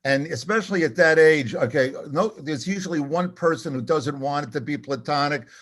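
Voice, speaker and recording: An older man, a comedy writer, telling an animated, self-deprecating anecdote and acting out the dialogue. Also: fairly high pitch, moderate pace. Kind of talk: storytelling anecdote.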